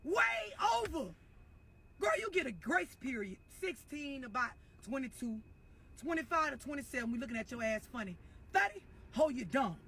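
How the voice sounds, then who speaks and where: High bright scolding woman ranting. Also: big pitch swings, normal speed, slight background noise. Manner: blunt, scolding, mocking. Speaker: online commentator. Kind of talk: profane ranting monologue.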